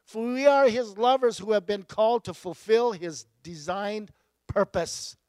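A man pastor delivering a sermon in a fairly high voice. He climbs to emphatic, raised peaks, then drops to low, quiet asides, and often laughs at himself. The sound is dry and close, with no room around it. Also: unhurried, no room sound, rough recording.

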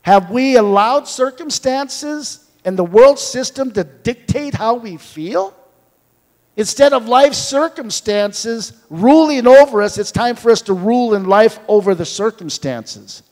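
A man with a very high, darkish voice preaches a sermon at a measured pace with lively intonation. He tells stories, acts out the dialogue, and builds to fervent proclamation, all under long hall reverb.

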